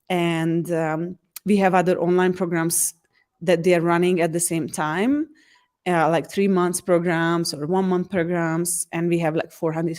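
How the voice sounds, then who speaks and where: A woman, an empowerment coach answering interview questions in an earnest way, often restarting her sentences. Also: on the low side. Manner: earnest, frequent restarts, lively acted quotes.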